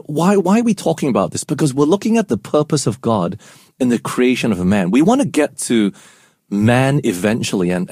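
A man's voice: mid-range voice, darkish tone, slightly rough, no room sound, clean studio sound. A man co-hosting a casual Bible study show, explaining verses and asking his co-host questions.

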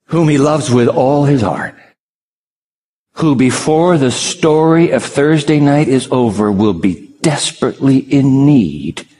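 A man's voice: mid-range voice, warm tone, in a large hall. A man preaching a sermon, acting out dialogue with dramatic shifts in his voice. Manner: dramatic, acts out voices of God and Peter. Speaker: pastor.

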